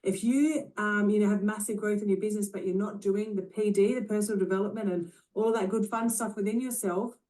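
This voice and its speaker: A woman's voice: medium pitch, steady tone, brisk, hardly any pauses, mellow, recorded from a distance. A woman with an Australian accent giving an upbeat motivational talk to a sales network, full of punchy slogans. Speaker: network marketing leader.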